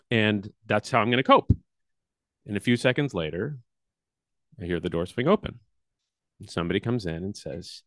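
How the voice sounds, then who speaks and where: A man leading a workshop, telling a personal childhood story with big swings in pitch and loudness. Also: no room sound, studio quality. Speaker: workshop leader.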